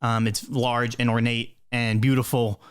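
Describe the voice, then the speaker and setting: A man narrating a tabletop role-playing game as game master, relaxed and full of ums. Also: mid-range voice, a little slow, smooth.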